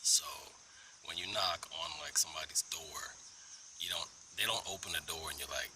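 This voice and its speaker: A man telling a story to a phone camera in a park, animated and dropping into whispered asides. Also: sits low, fast, crowd noise, rough recording. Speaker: vlogger. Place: outdoors in a park under a tree. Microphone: phone held at arm's length.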